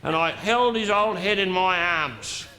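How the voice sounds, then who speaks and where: A man's voice: high-pitched, unhurried, pushed and bright. A man playing a boozy, crude, pompous middle-aged Australian dignitary with an Australian accent. He delivers a bawdy, mock-sentimental live comic monologue with bluster. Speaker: stand-up comedian in character. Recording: live stage with audience noise.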